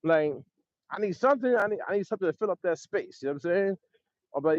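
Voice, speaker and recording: A man, a music producer, telling studio stories in a loose, animated way, acting out voices with laughs. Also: sits high, fast, dry recording. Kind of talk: casual storytelling. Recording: dull dry sound.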